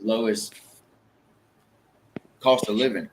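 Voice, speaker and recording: A man's voice: lowish voice, takes it slowly. A man in casual, profane banter, hosting a chat. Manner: profane, laid-back banter. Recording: faint background noise.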